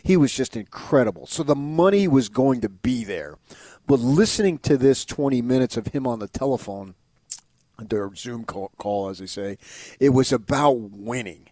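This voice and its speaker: A man's voice: medium pitch, animated, moderate pace, dark tone. A man talks sports in a loose, rambling way, restarting sentences often and building to emphatic, raised points. His voice sits in a middle register. The sound is dry and close, with no room echo. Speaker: sports radio host. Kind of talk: casual sports talk.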